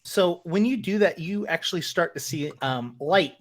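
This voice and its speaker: A woman running a tabletop game as game master, narrating with halting pauses and fillers. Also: lowish voice, lively intonation.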